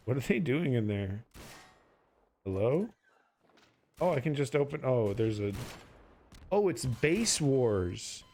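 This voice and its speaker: A man's voice: medium pitch, lively intonation, unhurried, pauses often, darkish tone. A sleepy man streaming a game, rambling through goofy, profane banter as he plays. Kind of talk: casual gameplay commentary.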